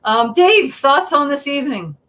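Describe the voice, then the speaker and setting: A woman hosts an interview show in a chatty, casual way, scattering fillers through her talk. Her voice sits fairly high. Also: very animated, normal speed, pushed and bright. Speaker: show host.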